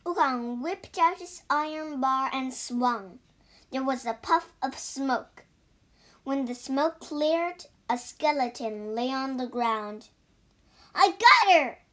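A woman teacher narrating a story slowly and carefully for language learners and spelling out words. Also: high-pitched, fairly bright tone. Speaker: English teacher and story reader.

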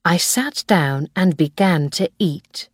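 Woman, audiobook narrator, slow careful reading, lowish pitch, dry studio sound. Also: dry recording. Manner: clear, careful and even. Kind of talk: slow graded-reader narration.

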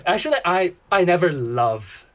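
A podcast co-host in casual chat, speaking in halting, simple phrases and sounding thoughtful. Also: mid-range voice, big pitch swings, background noise.

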